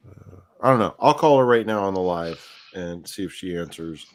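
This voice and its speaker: A man's voice: low voice, lively intonation, moderate pace, dry recording. A man hosting a casual live stream, rambling, joking and swearing freely. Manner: profane, rambling, jokey. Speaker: host.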